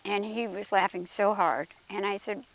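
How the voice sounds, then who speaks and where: An older woman telling family stories in an interview, animated and laughing at her own tales. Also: medium pitch, moderate pace, a little hiss or hum. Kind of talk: storytelling interview.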